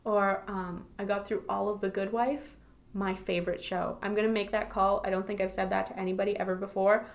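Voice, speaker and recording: A woman's voice: mid-range voice, steady tone, a little fast. A woman co-hosting a podcast, talking casually about a book and laughing often. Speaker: podcast co-host.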